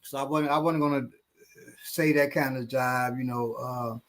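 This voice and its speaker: A man's voice: mid-range voice, normal speed. A middle-aged man from Chicago hosting a casual chat, telling stories animatedly with many restarts. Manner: animated storyteller acting out loud voices. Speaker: podcast host.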